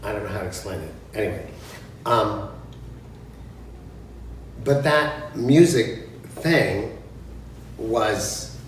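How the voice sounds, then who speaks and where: A man, a stage performer, telling anecdotes in a relaxed, animated way and acting out the people in them. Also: on the low side, slow pace, long pauses. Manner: animated storyteller, acts out dialogue and sings snatches. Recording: roomy echo, distant mic, faint background hiss.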